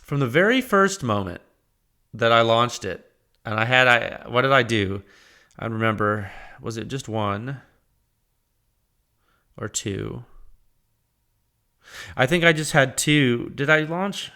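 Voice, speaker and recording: A young man hosting his own podcast, talking casually and warmly to listeners with frequent restarts and fillers. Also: mid-range voice, expressive, takes it slowly, pauses often. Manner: rambling, heartfelt, with many restarts and fillers. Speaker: podcast host. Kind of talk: casual solo podcast talk.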